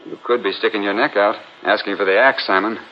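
A man playing a brisk, wry sidekick. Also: lowish voice, fairly even intonation, natural voice. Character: loyal male sidekick, practical and wry. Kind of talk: 1940s radio acting. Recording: dull old radio recording with faint hiss.

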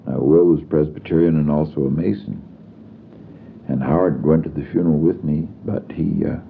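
An older man recalling stories from his working life, with a halting delivery full of fillers and restarts. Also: very deep voice, gravelly. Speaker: storyteller. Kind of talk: anecdotal reminiscence. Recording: tinny phone-like archival recording with faint hiss.

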